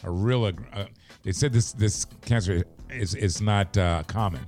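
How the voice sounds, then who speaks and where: A man co-hosting a morning radio show, chatting in a rambling, halting way. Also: on the low side, a little mellow, soft background music. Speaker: radio co-host. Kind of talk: casual chat.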